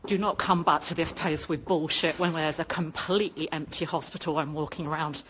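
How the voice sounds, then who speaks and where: A woman's voice: fairly low pitch, a little fast, hardly any pauses, a bit bright, a little hiss or hum. A woman films on a handheld phone while walking through empty hospital corridors, indignant and urging viewers to look. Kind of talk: handheld walk-through video rant.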